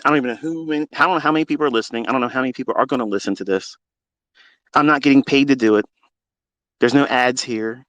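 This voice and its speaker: A man's voice: medium pitch, fast, fairly bright tone, dry recording. Man, fervent preachy monologue, blunt with swearing, phone mic, dry sound. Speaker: trading mentor. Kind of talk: impassioned monologue on a live audio stream.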